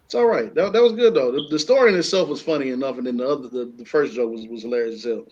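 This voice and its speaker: A man's voice: mid-range voice, racing. A man hosting a casual comedy podcast, joking and acting out little scenes. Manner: animated, acts out voices while joking. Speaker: podcast host. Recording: slightly dull lo-fi sound.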